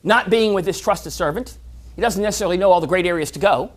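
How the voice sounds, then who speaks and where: Motivational talk w fables, lively speaker, trips over words sometimes. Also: mid-range voice, quick pace. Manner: animated, repeats words when restarting. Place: club meeting.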